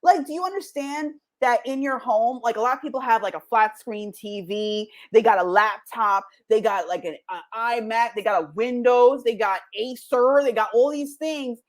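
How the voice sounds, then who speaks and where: A woman's voice: fairly high pitch, moderate pace, few pauses. Upbeat woman giving a motivational talk. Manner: animated, jokey, acts out quoted voices. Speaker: podcast host.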